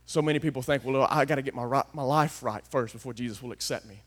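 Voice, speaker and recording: A man preaching a folksy sermon, swinging from hushed asides to loud, emphatic declarations. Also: medium pitch, fast talker. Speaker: pastor.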